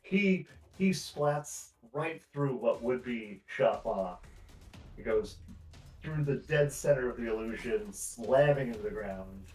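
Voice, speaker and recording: A man's voice: medium pitch, expressive, slow pace, a little mellow. A man narrating as game master of a tabletop game, describing scenes and chuckling as he goes. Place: home streaming setup. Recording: roomy distant mic with faint music.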